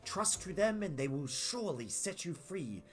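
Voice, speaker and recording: A man's voice: high-pitched, big pitch swings, normal speed, soft background music. An Australian man reading aloud game dialogue for a nervous male desert merchant who pleads and frets. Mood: solemn.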